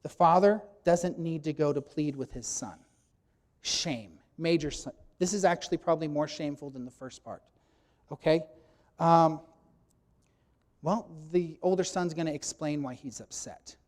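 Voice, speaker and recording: Male preacher mid-sermon, emphatic teaching voice sitting a bit high, bursting loud on quoted lines. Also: normal speed.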